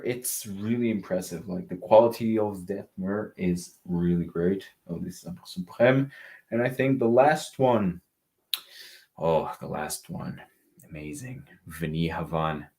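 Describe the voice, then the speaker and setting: Very low-voiced man reviewing fragrances. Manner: chatty, reads live chat comments aloud. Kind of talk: casual livestream review.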